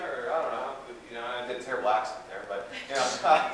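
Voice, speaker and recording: A man giving a live seminar talk to an audience in a conference room, energetic and conversational with plenty of fillers and asides. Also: fairly high pitch, brisk, few pauses. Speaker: guest speaker. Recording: echoey room from far off, faint hiss.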